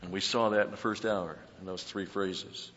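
Deep-voiced pastor, earnest and emphatic. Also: male voice, steady tone, moderate pace, fairly bright tone, a little hiss or hum. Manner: earnest, emphatic, with hesitant repeats. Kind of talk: sermon. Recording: dull lo-fi sound with long hall reverb.

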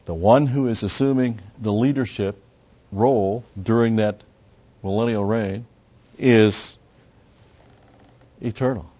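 A man's voice: lowish voice, steady tone, slow pace, long pauses, warm tone. A man teaching through a Bible passage verse by verse, in a conversational way that explains each word and adds asides. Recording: dull lo-fi sound.

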